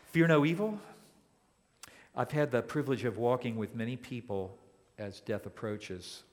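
A man preaching a sermon as a pastor, speaking deliberately and building to emphatic declarations. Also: mid-range voice, darkish tone, in a large hall. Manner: slow and deliberate, rising to emphatic.

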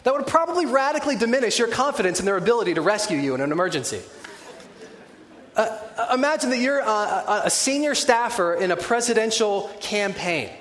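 A man preaching a sermon in a conversational, animated way, with wry humorous asides. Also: sits high, a little fast. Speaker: pastor. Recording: echoey hall with long reverb.

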